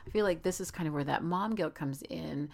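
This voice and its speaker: A woman co-hosting a podcast and speaking as a mother, earnest and expressive in casual chat, often trailing off and restarting. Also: low-pitched, a little fast, creaky.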